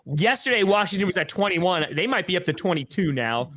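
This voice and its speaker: A young man co-hosting a sports podcast in quick, joking, casual chat. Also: high voice, sing-song, a bit bright. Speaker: podcast co-host.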